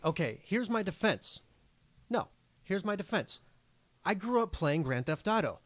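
A man's voice: high-pitched, big pitch swings, unhurried, a bit bright, no room sound, studio quality. A young man co-hosting a podcast in casual banter. He defends himself playfully and repeats his words for emphasis. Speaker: podcast co-host.

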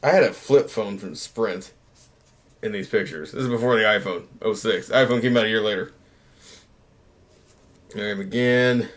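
A man's voice: fairly low pitch, fairly quick. A man in his thirties, a YouTuber, chatting casually late at night in a rambling, self-mocking way that often trails off.

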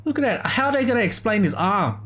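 This gamer's voice sits high and sing-song, with a fairly bright tone and a fast pace. Relaxed in his let's play commentary, he keeps laughing and addresses everyone as bro over the game's music.

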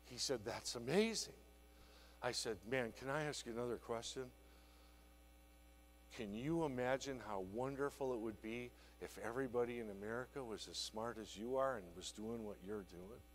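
A man giving a conference keynote on sales, telling an animated story that acts out a conversation with a client. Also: mid-range voice, normal speed, in a large hall, a little hiss or hum. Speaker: sales trainer. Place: conference hall.

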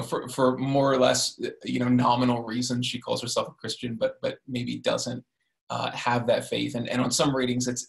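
Creaky-voiced man leading a seminar. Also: medium pitch, a bit bright. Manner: frequent "right?" tag questions and restarts. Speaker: discussion leader. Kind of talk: literature seminar discussion.

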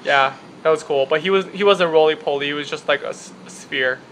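A young man with a Chicago accent talks casually in his apartment, rambling and a bit self-deprecating. His voice sits fairly high and sounds bright and forward. A faint hum runs underneath. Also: brisk. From Chicago area, US. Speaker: vlogger. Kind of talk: casual accent-tag vlog. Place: apartment room with window open.

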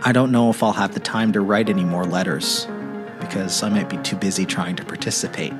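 Quiet low-voiced man reading letters. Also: fairly even intonation, over music. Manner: quiet, earnest, halting. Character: troubled teenage boy writing letters. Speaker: narrator.

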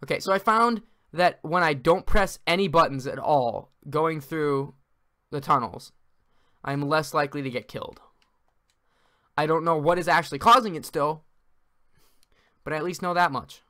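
A man doing let's-play commentary, frantic and exasperated, ranting and yelling at the game as he plays. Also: fairly high pitch, moderate pace, long pauses. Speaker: gaming video creator.

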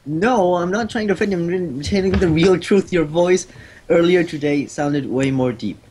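A man's voice: a little high, a little mellow, a little hiss or hum. A young man on a voice call with a headset, puzzled and blunt, joking and then backpedalling. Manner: puzzled, blunt, quick to joke then backtrack. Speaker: prank call target. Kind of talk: casual call chat. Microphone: headphones with mic on a voice call.

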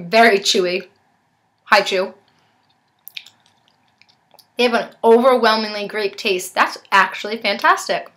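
Her voice is fairly high, pushed and bright. A young woman chats her way through a casual snack-unboxing vlog, tasting as she goes and at times talking with her mouth full.

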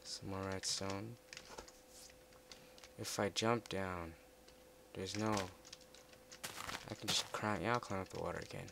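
Low, gravelly man over loud keyboard clatter. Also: slow, long pauses. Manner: chatty, mutters to himself, excitable outbursts. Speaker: let's play gamer. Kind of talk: casual gameplay commentary. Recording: loud background noise with keyboard typing.

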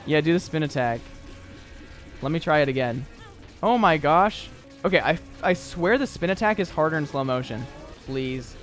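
A man's voice: on the high side, lively intonation, moderate pace, pauses often, a bit bright, soft background music. A man streaming a video game, giving casual running commentary, often exasperated and mocking himself. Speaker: gaming streamer. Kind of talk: casual let's-play commentary.

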